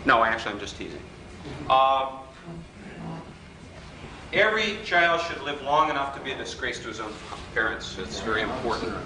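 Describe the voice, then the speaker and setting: Speaking at normal speed with frequent pauses, this man has an animated, mid-range voice. He's leading a political persuasion workshop in a hotel function room, teasing the audience and performing the voices of people he quotes. It was captured from afar in an echoey hall with a faint hiss.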